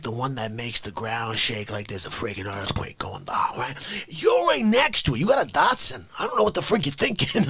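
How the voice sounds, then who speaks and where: A man hosting a live comedy stream, ranting through an unscripted monologue that swings between shouting and hushed whispers. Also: sits high, creaky, breathy edge, no echo.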